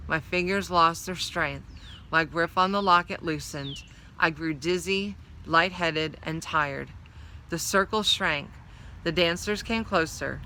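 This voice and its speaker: A woman reading a children's novel aloud, telling the story in a measured, expressive first-person voice. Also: low voice, a little hiss or hum, rough recording. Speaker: storybook reader.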